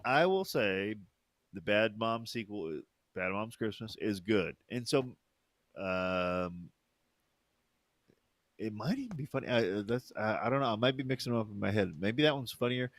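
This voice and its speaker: A man's voice: lowish voice, expressive, normal speed, no room sound. A man co-hosting a podcast, telling rambling stories in casual chat, full of fillers and laughter. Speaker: podcast co-host.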